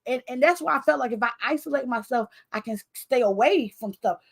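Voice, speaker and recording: A woman's voice: on the high side, fast talker, gravelly, husky. A woman author hosting her own book launch in casual, rambling chat that keeps losing its thread. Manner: chatty, rambling, loses her train of thought; expressive, animated with laughter.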